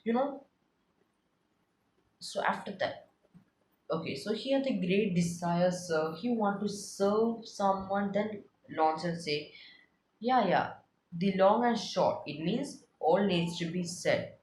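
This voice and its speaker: A woman's voice: medium pitch, slow pace, darkish tone, a little hiss or hum. A woman tutor explaining a classic play in a chatty way, repeating and paraphrasing lines as she goes. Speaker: literature tutor. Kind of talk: explaining a play with read-aloud passages. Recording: echoey room.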